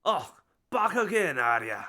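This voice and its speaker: Fields: Figure: streamer doing a gruff Scottish prison governor. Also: medium pitch, big pitch swings, unhurried, bright, forceful tone, a little hiss or hum. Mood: hearty. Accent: put-on Scottish.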